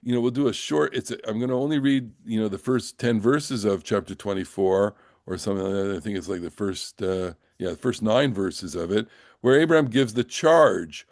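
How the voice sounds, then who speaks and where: An older man teaching a Bible class. He reads Hebrew verses slowly, translates them, and talks in a halting way with many fillers and restarts. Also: lowish voice, no room sound, studio quality. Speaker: Torah teacher.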